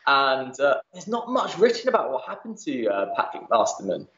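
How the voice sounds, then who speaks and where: A male museum manager chatting as a podcast guest, often pausing on "uh" as he talks. The recording is roomy and a little dull, with a hint of reverb. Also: medium pitch, very animated, a bit bright. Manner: chatty, lots of "uh" fillers. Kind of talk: casual interview chat.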